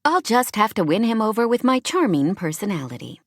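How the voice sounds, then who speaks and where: A woman reads a first-person romance audiobook with a bubbly, upbeat delivery. Her voice sits at an ordinary middle pitch. The recording is dry and close. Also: sing-song, a little fast, no room sound. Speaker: audiobook narrator. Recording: dry close studio sound.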